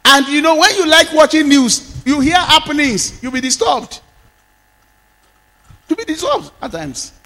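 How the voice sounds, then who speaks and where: High-voiced Nigerian pastor preaching. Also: male voice, very animated, unhurried, gravelly, long pauses, long reverb tail. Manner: declaring blessings with shouts, then storytelling quietly. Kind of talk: sermon.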